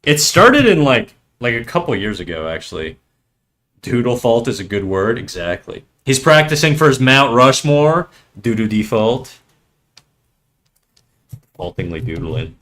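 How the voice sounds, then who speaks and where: A man's voice: mid-range voice, sing-song, measured pace, fairly bright tone. A young man from French Canada with a Québécois accent, chatting loosely on a livestream, swearing freely and laughing as he switches between English and French. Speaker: streamer. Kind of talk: casual livestream chat.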